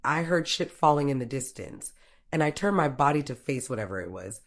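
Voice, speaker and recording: A woman narrating a first-person story in a plain, steady way, with casual profanity. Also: low voice, moderate pace.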